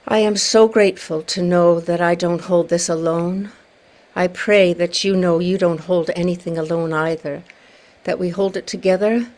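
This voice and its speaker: Gentle woman minister leading prayer. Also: fairly low pitch. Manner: gentle, prayerful, warm-hearted. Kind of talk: leading a service on a video call.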